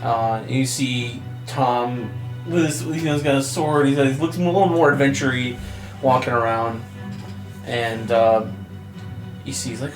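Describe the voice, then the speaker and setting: A man's voice: medium pitch, a little slow, echoey room, faint music behind. A man running a tabletop game as game master, narrating loosely with lots of fillers and laughter. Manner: loose, rambling, laughs often.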